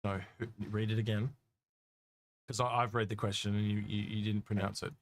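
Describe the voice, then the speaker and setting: A man's voice: on the low side, little pitch movement. Male co-host, casual chat, stop-start delivery with plenty of fillers. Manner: halting, many restarts and fillers. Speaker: co-host reading chat questions.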